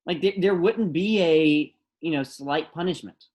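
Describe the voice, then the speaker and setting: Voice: medium pitch, measured pace, a little mellow. A co-host with a mid-range voice talks casually on a podcast. They make critical points and lean on rhetorical questions. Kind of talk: casual chat.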